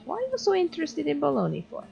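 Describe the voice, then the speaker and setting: A woman voicing a motherly older lunch lady in a video game, with a high, sing-song put-on foreign-sounding accent and broken English. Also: huge pitch swings, fast, gravelly, dark tone, dull audio, faint music behind, exaggerated voice. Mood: chirpy.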